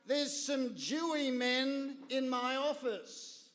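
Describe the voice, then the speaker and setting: A blunt, cheery Australian country stock agent, as a man puts him on with a broad accent and a loud, drawling way of talking. The voice sits high and carries through a long, reverberant hall. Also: takes it slowly, soft background music, heavily acted.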